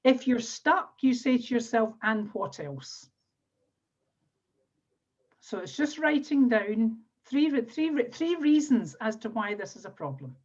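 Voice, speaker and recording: A Scottish-accented NLP trainer and coach leads a live online workshop, guiding listeners through exercises step by step and often repeating phrases. Her voice is fairly high, very animated and darkish at a measured pace, and the video-call audio is dull and lo-fi.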